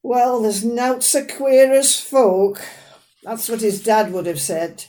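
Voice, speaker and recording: Her voice fairly high and her intonation fairly even, a woman speaks slowly and wryly, performing a monologue as a sharp-tongued, proud, fussy elderly northern mother with a dry, plain-spoken style.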